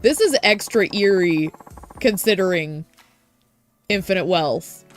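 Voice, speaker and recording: A woman's voice: lowish voice, expressive, slow, soft background music. A young woman streaming a game, reacting with emotion and laughing through the sad moments. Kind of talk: let's play commentary.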